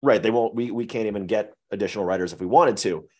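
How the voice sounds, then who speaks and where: A man's voice: fairly low pitch, quick pace, darkish tone. A man guesting on a podcast, explaining candidly and at length in a rambling, self-correcting way. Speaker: guest, web series creator. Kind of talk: casual podcast conversation.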